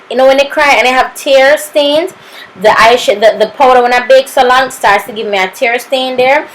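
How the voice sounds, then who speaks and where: A woman's voice: fairly high pitch, fairly bright tone, low-quality recording. A young woman with a Jamaican accent narrating a makeup tutorial, sassy and playful, tossing in "honey" and "papito" as she goes. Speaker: makeup artist.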